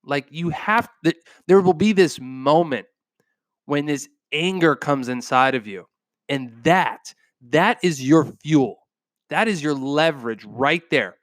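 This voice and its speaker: A man's voice: on the high side, lively intonation, slow, dry recording, clean studio sound. A man hosting a podcast, delivering an intense motivational monologue into a microphone, emphatic and repeating phrases for punch. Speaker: podcast host.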